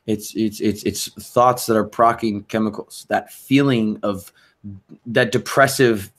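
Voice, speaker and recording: A man co-hosting a self-help talk, explaining at length with many restarts and fillers, sometimes building into excited demonstration. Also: lowish voice, a little slow. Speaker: podcast co-host.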